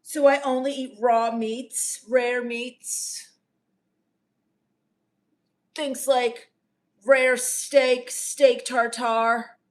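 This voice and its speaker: A woman doing a bratty teen streamer, high voice, snarky, dismissive, reads comments aloud. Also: little pitch movement, drawn-out words, pauses often. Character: bratty teenage livestreamer, rude and self-absorbed. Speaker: comedian doing a livestream character. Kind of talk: improvised livestream comedy.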